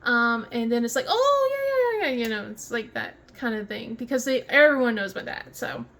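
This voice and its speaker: Her fairly high voice is gravelly, pushed and bright, and she talks fairly quickly. The speaker, a Southern American craft vlogger from southern West Virginia, chats casually and rambles with lots of fillers, restarts and laughter.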